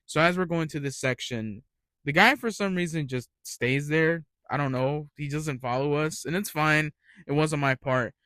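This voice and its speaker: A man's voice: fairly high pitch, moderate pace, bright, forceful tone, dry recording. A young man telling retail work stories in a rambling, ranting casual monologue, swearing freely.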